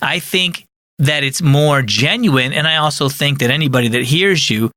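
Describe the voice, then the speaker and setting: A pastor and podcast host gives a conversational teaching talk in a bright, forceful voice that sits a bit high for a man. He speaks earnestly and explains as he goes, in a close, dry sound with no room echo. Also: moderate pace.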